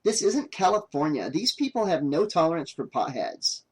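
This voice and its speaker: A man's voice: fairly high pitch, very animated, moderate pace, breathy edge. Man voicing a snappy young woman filmmaker. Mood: exasperated. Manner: exasperated, snappy. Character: pushy young woman documentary maker, short-tempered.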